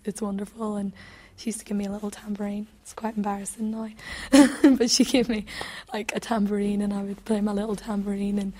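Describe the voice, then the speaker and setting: Young woman, interview testimony, flat steady pitch, hesitant restarts, reflective. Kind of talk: personal testimony.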